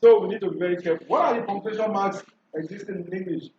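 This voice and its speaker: A high-voiced man leads a classroom revision lesson, quizzing his students and repeating questions back at them. He is heard from a distance in an echoey room. The recording sounds dull and lo-fi. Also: very fast, mellow, slight background noise. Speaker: teacher. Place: school classroom.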